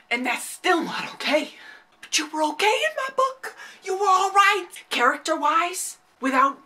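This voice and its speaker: A woman ranting in a reaction vlog, swearing constantly and breaking into shouted outbursts. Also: high-pitched. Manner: profane, rants with shouted outbursts. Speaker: vlogger reacting to a webtoon chapter.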